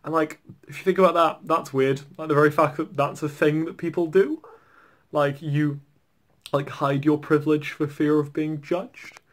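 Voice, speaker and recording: A man's voice: fairly high pitch, steady tone, normal speed. Man, young adult, English accent, casual vlog chat, rambling, filler-heavy. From England. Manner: rambling, filler-heavy, "like" in nearly every phrase. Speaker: vlogger.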